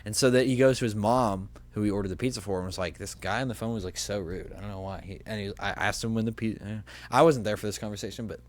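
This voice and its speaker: Fast and with hardly any pauses, a low-voiced young man tells a story while co-hosting a casual podcast. He's animated throughout and acts out the quoted voices.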